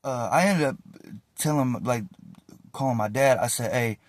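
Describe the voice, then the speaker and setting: A man telling a casual, animated story about his past in slangy, profane talk. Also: mid-range voice, normal speed, no echo.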